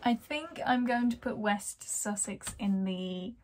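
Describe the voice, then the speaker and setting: A woman's voice: mid-range voice, lively intonation, slow, darkish tone. A young woman from the English West Midlands, chatting casually and enthusiastically to camera, with a self-deprecating manner. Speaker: YouTuber.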